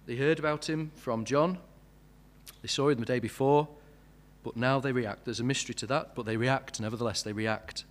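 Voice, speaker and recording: A man's voice: medium pitch, fairly even intonation, moderate pace. A man preaching a sermon, asking many questions and building to emphatic peaks.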